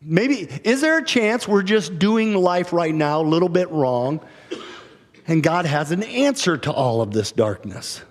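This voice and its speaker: A man's voice: a little high, sing-song, a little slow. A male pastor preaching a sermon, conversational and humorous, telling stories in a church. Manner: storytelling with acted voices, conversational and humorous. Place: church sanctuary. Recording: church hall reverb.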